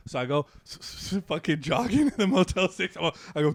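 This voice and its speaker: A man co-hosting a comedy podcast, telling a story in animated street slang and laughing as he goes. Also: a little high, fast talker, few pauses, dry recording. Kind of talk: casual storytelling. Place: podcast studio.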